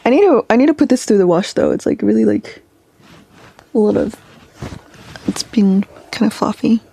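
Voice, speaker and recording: A woman's voice: mid-range voice, animated, moderate pace, gravelly, warm tone, a little hiss or hum. A young adult woman streaming from home, chatting casually and rambling with lots of fillers. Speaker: live streamer. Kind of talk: casual live-stream chat.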